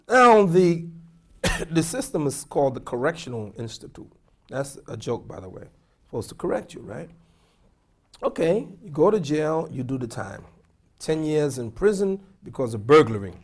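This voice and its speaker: Animated imam quizzing his class. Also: fairly high pitch, vocal fry. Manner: animated, questioning, repetitive emphasis. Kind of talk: lecture with audience questions.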